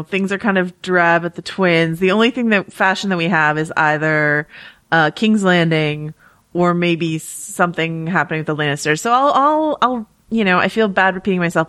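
A woman with a somewhat low voice hosting a podcast in a casual, upbeat way. She moves the talk along from one segment to the next. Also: moderate pace, fairly bright tone. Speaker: podcast co-host. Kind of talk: casual chat.

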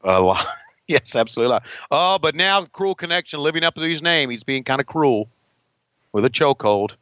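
A man's voice: a little high, lively intonation, brisk, fairly bright tone, no echo, highs cut off. A man in his sixties co-hosting a podcast, chatting casually and laughing over old wrestling footage. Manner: laughing, easygoing, folksy. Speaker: podcast co-host.

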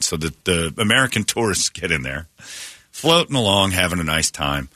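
Give me a deep-voiced, bright-toned man telling a story on morning radio. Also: fairly quick, dry recording, clean studio sound. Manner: excitable, retells stories with quoted voices and restarts. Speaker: radio show host. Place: radio studio. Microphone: studio microphone.

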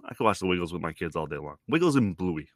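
A man's voice: deep voice, sing-song, fast talker, no echo, clean studio sound. A man from Toronto in his thirties hosting a podcast, rambling through a wry, self-deprecating monologue and swearing casually. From Toronto, Canada. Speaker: podcast host.

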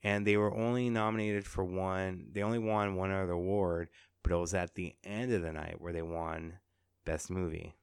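His voice sits low, clear and resonant, with fairly even intonation and a moderate pace. He's a podcast host chatting casually about entertainment news with sarcastic asides, in a dry, studio-quality recording.

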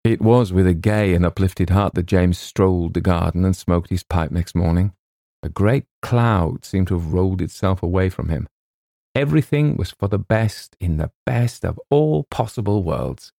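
A man reads a comic story in a deep, gravelly voice with a lot of lift and fall. His tone is dark and mellow, and it sits close and dry. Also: moderate pace, dry recording. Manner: droll, wry storytelling. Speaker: audiobook narrator. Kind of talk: scripted narration of a comic story.

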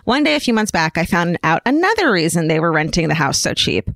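A woman co-hosting a podcast, reading a listener's letter aloud with animated storytelling. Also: on the low side, brisk, no echo. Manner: animated storytelling, lively delivery. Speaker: podcast co-host.

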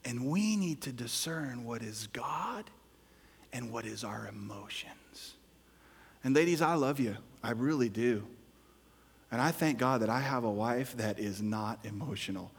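Guy pastor preaching, husky voice, swings from whispers to loud bits, long reverb. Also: mid-range voice, lively intonation, a little slow. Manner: emphatic preaching, shifting between quiet whispers and loud exclamations. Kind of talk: sermon. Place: large church hall.

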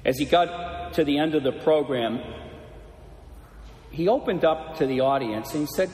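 A man preaching as a priest, telling a story in a slow, measured way before turning it into a lesson for his congregation. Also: fairly high pitch, darkish tone. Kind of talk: sermon. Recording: echoey church with long reverb.

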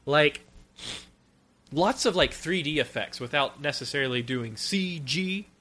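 A man co-hosting a podcast, giving a casual, sarcastic and animated review of a film. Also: a little high. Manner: animated, sarcastic, quick with jokes.

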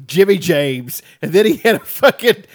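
A man in casual podcast chat, excitable and profane, laughing often. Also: high-pitched, moderate pace.

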